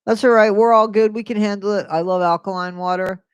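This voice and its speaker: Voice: medium pitch, fairly even intonation, a little fast, clear, resonant tone, dry recording. A live-stream host chatting casually on a new microphone at home, rambling between topics and reading viewer comments aloud. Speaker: livestream host.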